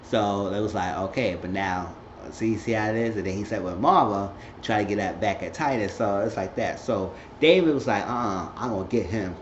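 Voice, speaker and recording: A man's voice: lowish voice, moderate pace, hardly any pauses, a little hiss or hum. A man vlogging a casual, rambling recap who keeps jumping into voices for the characters. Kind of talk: casual chat. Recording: roomy lo-fi home recording.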